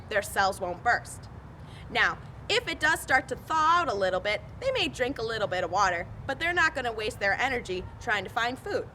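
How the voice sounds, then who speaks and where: A young adult woman naturalist presenting a scripted nature lesson outdoors by a pond, clear and enthusiastic. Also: on the high side, bright, forceful tone, slight background noise.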